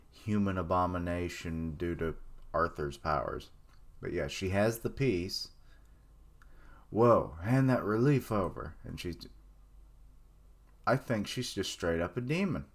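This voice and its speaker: A man's voice: sits low, slow pace, pauses often. A man giving casual live reaction commentary on an anime, blurting out surprised remarks and swearing casually. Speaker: reaction streamer.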